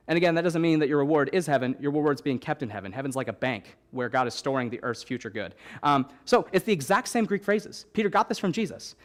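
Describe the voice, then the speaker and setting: A young man preaching a sermon as young adults pastor, animated and repeating key phrases for emphasis, with light joking asides. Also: fairly high pitch, quick pace, few pauses. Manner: joking asides, stops to soothe a baby.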